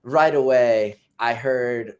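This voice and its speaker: A man's voice: mid-range voice, takes it slowly, a little mellow. A man in his twenties, a pro soccer player, telling a story in a casual interview. He laughs mid-story and acts out what people said. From United States. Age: 20s. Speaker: professional soccer player, guest.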